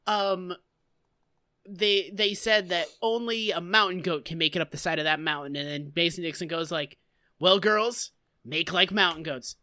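A woman co-hosting a casual podcast, recapping a story with sarcastic, profane, animated chat. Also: lowish voice, normal speed, clean tone. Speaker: podcast co-host.

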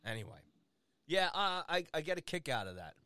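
A jokey man co-hosting sports talk radio, teasing with a lively, swinging pitch. He speaks close into a studio microphone. The sound is dry, with no room echo. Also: a little fast. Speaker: radio co-host. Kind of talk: casual sports talk banter. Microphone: studio microphone with headphones.

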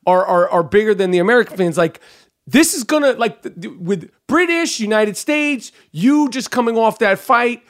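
A man hosting a podcast interview, blunt and profane, excitable and full of restarts. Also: high-pitched, normal speed, dry recording, clean studio sound. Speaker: podcast host.

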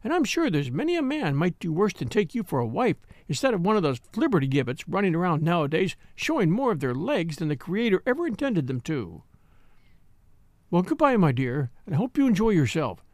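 A man's voice: sits high, very animated, fairly quick, darkish tone, no room sound, clean studio sound. Man doing a very old gossipy spinster, lifted voice, swooping, blunt. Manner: triumphant, blunt and doubtful by turns.

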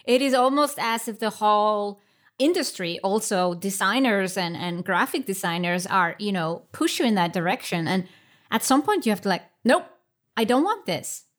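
A woman's voice: mid-range voice, animated, moderate pace. A woman hosting a podcast, chatting casually, asking questions and chiming in. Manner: conversational, asks questions and chimes in. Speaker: podcast host.

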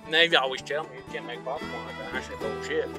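A man's voice: medium pitch, fast, over music, close to an everyday voice, low-quality recording. A man voicing a crude, chatty Kansas hillbilly who rambles and swears in a folksy drawl while driving his car. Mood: rambling.

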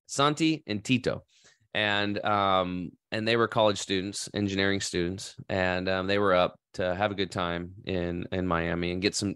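A man's voice: low-pitched, a bit bright, clear, resonant tone, no room sound, clean studio sound. A middle-aged man from Oregon casually telling a rambling, enthusiastic story in a vlog and acting out quoted voices. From Oregon, USA. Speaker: vlogger in the health industry.

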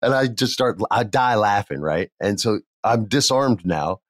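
A man casually telling a backstage story, animated and acting out the people he quotes. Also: lowish voice, unhurried, no echo, studio quality. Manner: animated, acts out quoted voices. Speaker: podcast guest telling stories.

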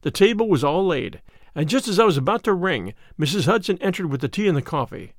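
A man narrates an audiobook in a measured, lively way. His voice sits a little high and rises and falls a great deal. The recording is close and dry, with no room sound. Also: no echo. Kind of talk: storytelling narration.

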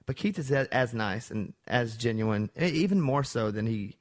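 A man's voice: mid-range voice, animated, moderate pace. A man hosting a casual chat, loose and joking, trailing into asides. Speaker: radio host.

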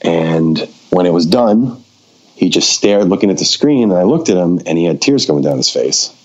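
A man with a very low voice tells a story in a relaxed, conversational way and slips into the voices of the people he quotes. The audio is dull and lo-fi, with the top end rolled off. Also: moderate pace. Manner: animated, acts out quoted dialogue. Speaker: documentary filmmaker, podcast guest. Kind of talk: casual storytelling.

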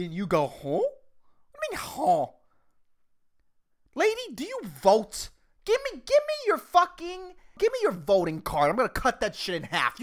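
Animated, profane woman ranting solo. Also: lowish voice. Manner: talks fast by her own account. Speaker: podcast host. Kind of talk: solo podcast rant.

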